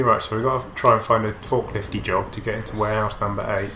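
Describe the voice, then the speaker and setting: A man's voice: lowish voice, level tone, fast, sharp tone, reverberant, a little hiss or hum. A man hosting a let's play, trading dry, teasing banter in casual gameplay commentary.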